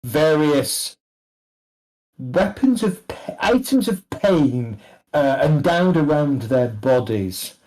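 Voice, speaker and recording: A man who narrates a tabletop role-playing session as game master. He talks slowly and takes his time over descriptions, often restarting his sentences. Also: a little high, big pitch swings, a little mellow, low-quality recording. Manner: unhurried, descriptive, with many restarts.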